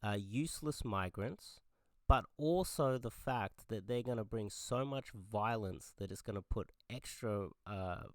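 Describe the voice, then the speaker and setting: A man's voice: on the low side, measured pace, dry recording, clean studio sound. An Australian man giving an angry political rant, heated, swearing and often repeating himself. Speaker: political commentator. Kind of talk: angry ranting monologue.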